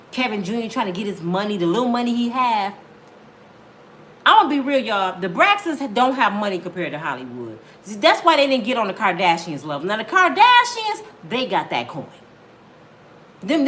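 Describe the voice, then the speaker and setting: Animated woman dishing celebrity gossip. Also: on the high side, slight background noise. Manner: chatty, talks straight to viewers. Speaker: gossip channel host.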